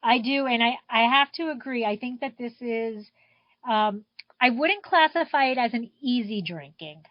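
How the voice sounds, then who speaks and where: A woman co-host chats easily over a video call. Her voice sits a little high, and the line is dull and dry. She talks in a relaxed, friendly way. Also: moderate pace, dry recording. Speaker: co-host of a wine show. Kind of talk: casual chat on a video call.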